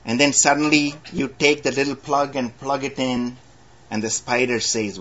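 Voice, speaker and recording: A man preaching a sermon as a story, with humorous asides and slowed dramatic emphasis, in a dull lo-fi recording. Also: mid-range voice, level tone, fairly bright tone.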